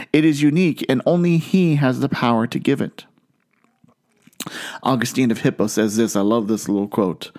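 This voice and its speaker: A man preaching a sermon in an earnest way, slowing down and lifting his voice on key phrases. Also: medium pitch, a little mellow. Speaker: pastor.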